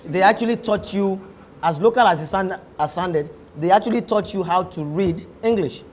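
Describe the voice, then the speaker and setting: A man's voice: high voice, moderate pace, a little hiss or hum. A Nigerian man with a Nigerian accent, hosting a talk show and eagerly asking questions. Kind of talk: interview conversation.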